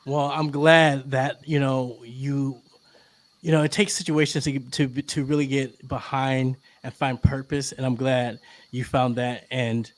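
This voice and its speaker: A man's voice: medium pitch, flat delivery, a little slow. A man hosting a casual podcast interview, supportive and talking with fillers.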